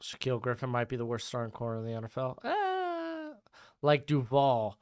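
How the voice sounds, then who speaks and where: Lively-voiced man streaming a game watch-along. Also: mid-range voice, normal speed, clear, resonant tone. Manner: chatty, jumps between game calls and chat replies. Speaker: live streamer reading chat. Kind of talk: casual watch-along football commentary.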